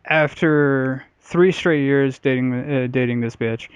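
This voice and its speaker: Slow and clean-toned at a medium pitch, this podcast co-host tells a blunt, profane story peppered with uhs and likes. The casual comedy show's audio is dry and slightly dull.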